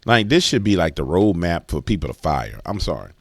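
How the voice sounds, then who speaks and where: A man speaks in a low-set voice, ranting hard and repeating himself for emphasis. The recording is dry and close, with no room sound. He keeps pushing his point harder as he talks. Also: sing-song, brisk, dry recording. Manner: emphatic, repetitive, gets worked up. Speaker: political commentator. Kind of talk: heated commentary rant.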